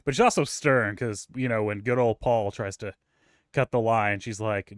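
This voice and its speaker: A man's voice: on the low side, fairly even intonation, moderate pace, no room sound, clean studio sound. A man co-hosting a podcast, chatting casually and telling rambling, profane stories full of fillers. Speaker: podcast co-host. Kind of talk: casual chat.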